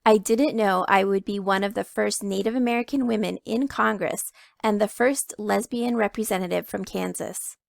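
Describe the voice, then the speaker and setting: A woman reads a children's picture book aloud in the first person, leaning into key words with clear emphasis. Her voice carries a gravelly, fry-edged texture at a middling pitch, and the sound is close and dry with no room around it. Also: no room sound. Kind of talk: read-aloud storytelling.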